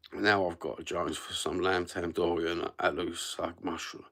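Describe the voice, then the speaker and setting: This livestream host is a middle-aged East Londoner with a low, steady voice who talks at a moderate pace. He rambles through a casual chat, matey and sweary, packed with slang.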